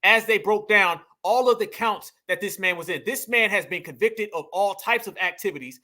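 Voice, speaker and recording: A man's voice: sits high, moderate pace, bright, forceful tone. A man hosting a reaction commentary, talking emphatically and calling his viewers family. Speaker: commentary host.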